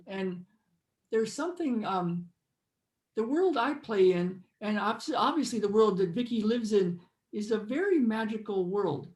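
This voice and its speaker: A man's voice: sits high, lively intonation, moderate pace, a little mellow. Earnest man in a roomy echo. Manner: meandering, earnest, spiritual. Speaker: host. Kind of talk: casual storytelling and guided reflection.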